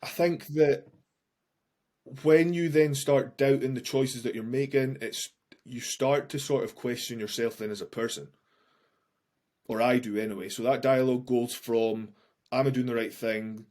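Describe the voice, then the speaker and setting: A man's voice: mid-range voice, steady tone, a little slow, a little mellow. A man who works as a coach, a guest on a podcast, talks openly about his anxiety. He speaks frankly, swears freely and often restarts his sentences. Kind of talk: candid podcast conversation.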